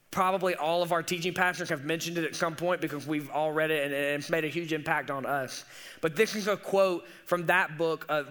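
A man's voice: fairly high pitch, a bit bright. A young man preaching a sermon as a teaching pastor, earnest and conversational with casual asides.

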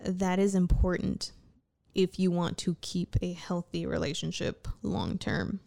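A woman's voice: fairly low pitch, level tone, unhurried, creaky, mellow. A woman talking candidly to the camera in a casual late-night ramble, swearing freely and restarting her sentences. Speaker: vlogger.

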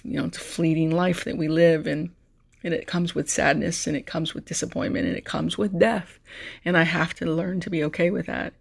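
A podcast host in a heartfelt solo monologue, speaking with a gravelly, fry-edged voice at a middle pitch. The talk is emotional and personal. Words are often repeated and restarted. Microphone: podcast mic.

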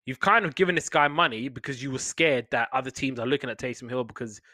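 A man's voice: fast, no room sound. A man, co-hosting a casual sports podcast and talking animatedly. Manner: animated, gets loud and high when excited. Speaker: podcast co-host.

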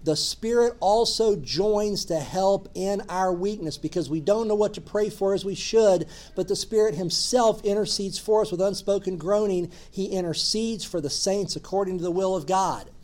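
A man's voice: high-pitched, normal speed, few pauses, darkish tone. A man preaching a sermon as a pastor, earnest and emphatic, building his points through repeated phrases.

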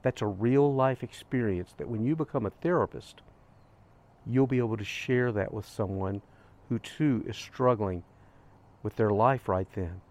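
An older man hosting a grief vlog, telling a personal story in an earnest, gentle way with soft pauses. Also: on the low side. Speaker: grief podcast host. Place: outdoors on a hiking trail.

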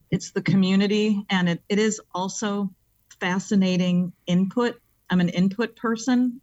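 A woman talks in a reflective, thoughtful manner as a guest in a relaxed interview. Her voice sits at an ordinary pitch, and the sound comes across a bit muffled and dull. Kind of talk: casual interview talk.

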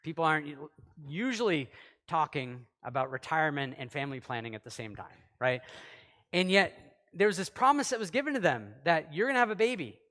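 A man preaching in a loose, conversational way with a slightly high voice, shifting from loud to hushed as he acts out little exchanges. His words trail off into a long hall reverb. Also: big pitch swings, a little fast. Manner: conversational, acts out quotes, swings loud and soft. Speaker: pastor. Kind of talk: sermon.

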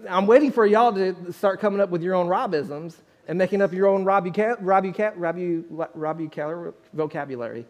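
A man's voice: high-pitched, fairly quick, hardly any pauses. A man preaching a sermon to his congregation in a conversational way, with restarts and asides to the crowd. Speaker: pastor.

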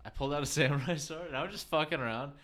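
A man's voice: a little high, racing, fairly bright tone, a little hiss or hum. A man in his thirties co-hosting a podcast, telling crude, joking stories in casual chat. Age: 30s. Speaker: podcast co-host.

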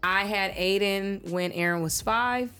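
A woman in her thirties, a podcast co-host, telling stories in a blunt, profane, animated way. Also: medium pitch, measured pace, clean tone, soft background music. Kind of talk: casual chat.

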